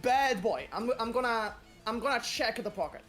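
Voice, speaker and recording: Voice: medium pitch, expressive, moderate pace, fairly bright tone, faint music behind. A player in a tabletop game, talking casually with stammering restarts and some swearing.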